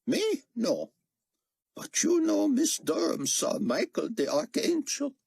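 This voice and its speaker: A man voicing an elderly, devout Israeli scholar who speaks formally and slowly in a high, creaky quaver. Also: huge pitch swings, darkish tone, dry recording, heavily acted. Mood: earnest. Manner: formal, slow and reverent.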